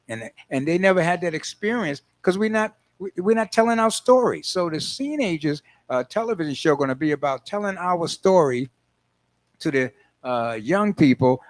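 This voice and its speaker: Animated older man hosting a call-in show. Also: fairly high pitch. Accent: New York. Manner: animated, playful storytelling with laughs and mock quotes. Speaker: host. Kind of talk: casual radio-style monologue.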